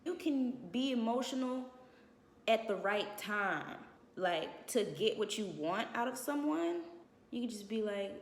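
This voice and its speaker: Sassy lady vlogging advice, blunt, kinda high voice, echoey room. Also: lively intonation, a little slow, a little hiss or hum. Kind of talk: casual advice talk. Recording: echoey room with long reverb.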